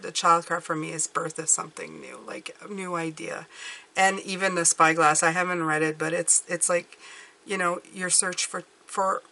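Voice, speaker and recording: A woman's voice: mid-range voice, pushed and bright. A middle-aged woman reading tarot cards in a chatty, reassuring, soothing way. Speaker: tarot reader.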